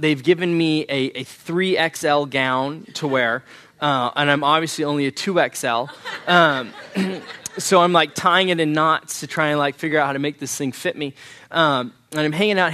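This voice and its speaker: A young adult man preaching a sermon, telling a personal story in an earnest, halting way and often clearing his throat. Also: fairly high pitch, bright, forceful tone. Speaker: pastor.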